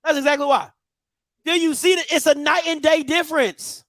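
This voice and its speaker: A man hosting a live stream, reacting loudly and excitedly to video clips. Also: very high voice, normal speed, dry recording. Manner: excitable, shouting and laughing at clips. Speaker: host.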